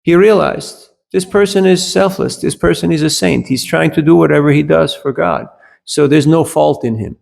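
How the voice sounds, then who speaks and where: A man's voice: a little high, normal speed, vocal fry, darkish tone. A man giving a scripture class, telling anecdotes in a conversational way and often checking in with his listeners. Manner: switches briefly into German.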